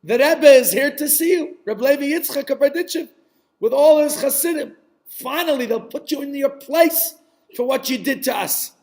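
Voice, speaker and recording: A man doing a shrill scolding wife. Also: moderate pace, darkish tone. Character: angry, scolding wife of a drunkard.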